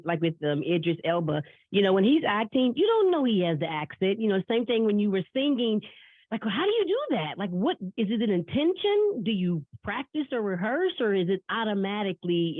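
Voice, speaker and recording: A woman's voice: medium pitch, big pitch swings, a little fast, no room sound. A woman co-hosting a casual interview, eager and affirming as she asks her question. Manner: eager, affirming, laughs along. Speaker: podcast co-host. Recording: tinny phone-like line, dry.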